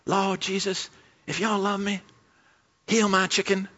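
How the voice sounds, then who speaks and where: A man's voice: high-pitched, monotone, unhurried, fairly bright tone, highs cut off, voice pushed up. A man imitating a theatrical woman preacher with a Southern US accent, telling a story with squawking sound effects.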